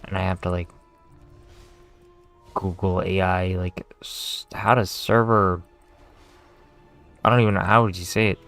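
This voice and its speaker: A man's voice: low-pitched, level tone, measured pace, creaky, pauses often, a bit bright, clean tone, soft background music. A young Canadian man chatting casually while streaming a game, rambling and swearing, laughing at himself. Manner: rambling, profane, self-mocking.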